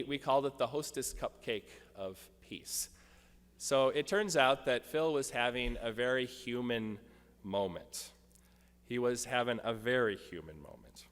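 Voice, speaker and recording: A man's voice: on the low side, a bit bright. A male pastor preaching a sermon, telling a personal story with light humor. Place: church sanctuary. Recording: long church reverb.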